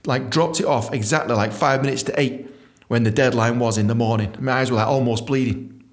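Animated, swearing British man telling stories. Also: mid-range voice, brisk. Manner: animated, profane, acts out dialogue. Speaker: podcast host. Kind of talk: casual storytelling.

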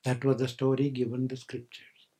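An older man, a spiritual teacher, delivers a storytelling sermon as a playful tale, laughing often and acting out the characters' voices. His mid-range voice is warm but monotone, at a normal speed.

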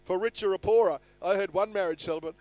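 High-voiced male preacher, earnest. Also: fast, darkish tone, dry recording. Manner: earnest preaching, reads scripture aloud with rising emphasis. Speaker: pastor. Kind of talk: sermon. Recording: faint music behind.

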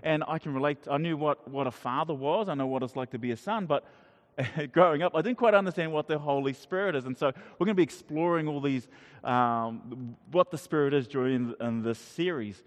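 A man's voice: on the high side, fairly quick. A middle-aged man preaching a casual sermon to a congregation, talking conversationally with many restarts and questions to the audience. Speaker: pastor. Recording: long hall reverb.

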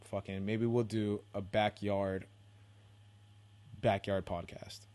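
A young man from the Bay Area talks off the cuff on his own podcast, in a voice that sits a little low. He rambles, swears freely, drops laid-back slang and keeps poking fun at himself. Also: flat delivery, takes it slowly, darkish tone. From San Francisco Bay Area. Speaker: podcast host. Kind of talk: casual solo podcast rambling.

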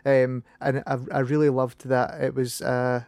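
Scottish man in his thirties, halting. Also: mid-range voice, level tone, darkish tone, dry recording. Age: 30s. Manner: halting, many restarts. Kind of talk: casual conversation.

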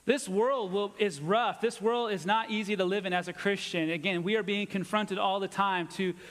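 A pastor preaching a sermon with earnest emphasis, dropping low and soft on his key points. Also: steady tone, moderate pace. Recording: long reverb of a church hall.

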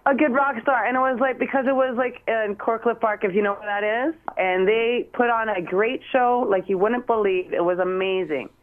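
A woman's voice: a little high, steady tone, normal speed, hardly any pauses, slight background noise. A woman calling in to a radio show, talking in a gushing, emotional, rambling way. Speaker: caller. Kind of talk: phone-in chat. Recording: tinny phone line.

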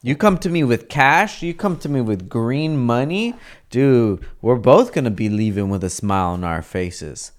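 Man, casual co-host: brash and profane, with a smooth, resonant voice. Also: mid-range voice, lively intonation, unhurried. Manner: profane, brash, mimics people in his stories. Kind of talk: casual podcast chat.

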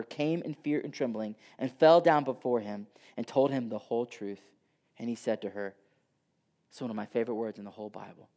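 A man preaching a sermon who swings from loud, emphatic passages down to soft near-whispers. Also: medium pitch.

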